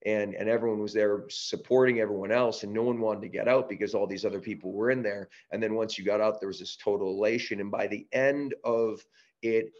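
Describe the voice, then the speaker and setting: Canadian-raised male guest, casual animated storyteller, lowish voice, muffled lo-fi audio. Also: fairly quick. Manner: animated storyteller, many restarts and "you know". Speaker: podcast guest, breath-work business founder.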